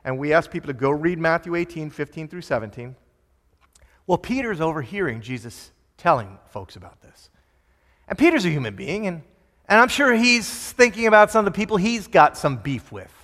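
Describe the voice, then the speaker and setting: A man's voice: high-pitched, very animated, moderate pace, fairly bright tone. A man preaching a sermon as pastor, telling a story with animation and rising to emphatic fervor. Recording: reverberant hall.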